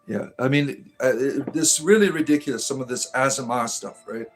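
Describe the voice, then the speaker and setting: A man's voice: mid-range voice, moderate pace, few pauses. A man hosting a livestream, reading chat aloud and answering with crude, sarcastic humor and preachy rants.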